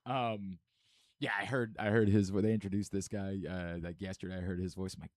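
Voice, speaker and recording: A hoarse man hosting a sports radio show, chatting casually and joking at his own expense. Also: deep voice, little pitch movement, brisk, darkish tone, dry recording. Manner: self-mocking, repetitive joking. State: hoarse from singing at a concert.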